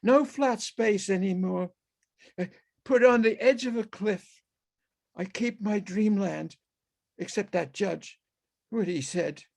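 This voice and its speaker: A man reading his own fiction aloud over a video call as a halting, musing first-person character monologue. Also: high-pitched, animated, gravelly, darkish tone. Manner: halting, musing, talks to animals and people in the scene.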